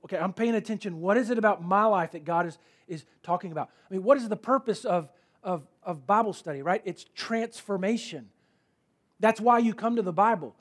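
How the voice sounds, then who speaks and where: A man preaching a sermon in a conversational, emphatic way, repeating key words for stress. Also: high-pitched. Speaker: pastor.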